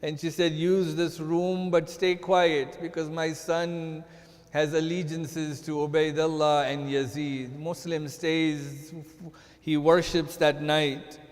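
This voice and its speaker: A man's voice: fairly high pitch, level tone, slow. A man giving a sermon as a sheikh, telling a mournful story and rising into chanted lament. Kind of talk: sermon narration. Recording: long hall reverb.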